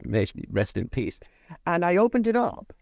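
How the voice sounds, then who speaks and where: Animated, playful man in his fifties. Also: high-pitched, normal speed, vocal fry, dry recording, studio quality. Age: 50s. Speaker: guest. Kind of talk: casual podcast chat.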